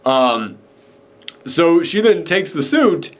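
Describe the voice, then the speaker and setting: A young man co-hosting a casual film chat, animated and excited, acting out characters' lines as he talks. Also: a little high, takes it slowly. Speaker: podcast co-host reviewing a film.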